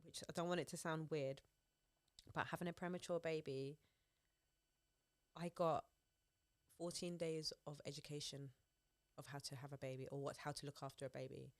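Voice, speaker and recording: A woman's voice: deep voice, moderate pace, long pauses, no echo. A young woman, chatting on a podcast and telling stories with lots of laughter. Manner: animated storytelling, laughs often. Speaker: podcast co-host. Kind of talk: casual chat.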